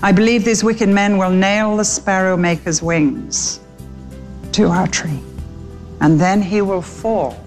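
A woman voicing a grave, protective father sparrow in a spoken storybook, murmuring low and solemn. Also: slow, a little mellow, soft background music. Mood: fearful.

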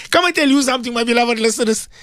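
A man preaching on the radio, animated and repetitive, clearing a sore throat often. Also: extremely high pitch, no room sound, studio quality. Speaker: radio presenter and Islamic scholar. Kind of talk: preaching on air to listeners. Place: radio studio.

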